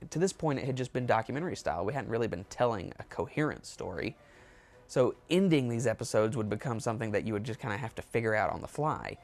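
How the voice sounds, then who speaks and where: A man's voice: on the low side, expressive, fast, a little mellow. A man telling a rambling, amused story in a casual storytime monologue. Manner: rambling, amused, with self-corrections. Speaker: storyteller, show host.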